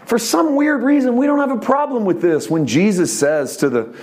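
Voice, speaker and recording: A male pastor preaching a sermon with animated delivery, dropping soft and low then rising for emphasis. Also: moderate pace. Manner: voices quoted speech in a conversational preacher's tone.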